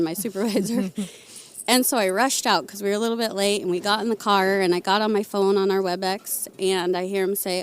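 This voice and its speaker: A woman's voice: medium pitch, moderate pace, clean tone. A middle-aged woman, a senior living administrator, telling a personal story in an interview in a heartfelt, candid way.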